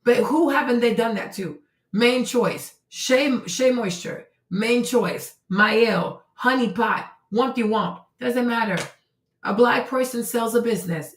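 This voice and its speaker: A woman's voice: on the high side, unhurried. A woman hosting an opinionated commentary stream, talking emphatically and rhetorically, repeating phrases for effect. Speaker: host. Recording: roomy and distant from the mic.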